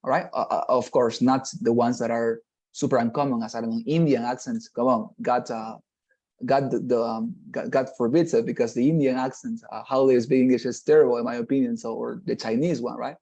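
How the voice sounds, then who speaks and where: Over a video call, a man runs an online exam-prep class, explaining things at length and checking in with his students, often repeating "nonetheless" and "right?". His voice is medium in pitch and steady, a little fast, a little mellow and slightly rough.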